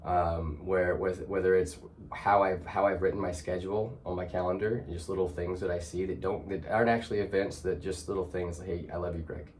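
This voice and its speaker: A man's voice: deep voice, steady tone, brisk, few pauses, darkish tone, slight background noise. A man hosting a heartfelt conversation, talking in a reflective, searching way with many restarts. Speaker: host.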